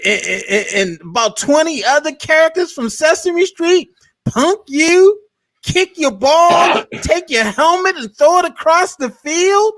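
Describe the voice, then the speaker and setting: A man's voice: very high voice, expressive, a little slow, a bit bright. A man, co-hosting a casual sports show and ranting with mocking impressions.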